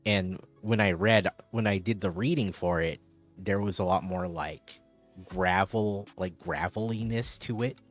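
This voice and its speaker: A man's voice: sits low, measured pace, faint music behind. A man chatting casually on a live stream, rambling as he answers viewers' chat.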